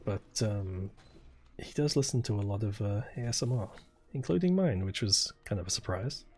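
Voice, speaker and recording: A soft-spoken man in his twenties, chatting casually while streaming a game. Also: animated, moderate pace, a little hiss or hum. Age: 20s. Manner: quiet, low-key and soft-spoken. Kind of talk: casual chat while gaming.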